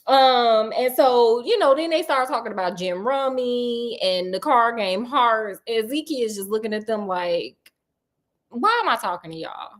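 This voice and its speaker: A woman with a bright, high voice retells a children's story in a loose, conversational way. She breaks off into sassy asides and laughs as she goes. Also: unhurried, few pauses. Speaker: storyteller host.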